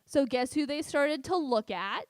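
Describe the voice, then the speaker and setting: A woman in her thirties doing stand-up storytelling, stuttering on repeated sounds and delivering lines with deadpan sarcasm. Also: high-pitched, unhurried, dry recording. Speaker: stand-up comedian. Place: festival stage.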